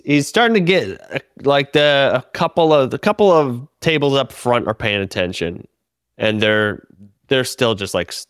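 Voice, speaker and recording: Man, comedian on a podcast, profane animated storytelling, smooth resonant voice, dry close sound. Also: mid-range voice, no room sound. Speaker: stand-up comedian and podcast host. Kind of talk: casual podcast chat, telling a story.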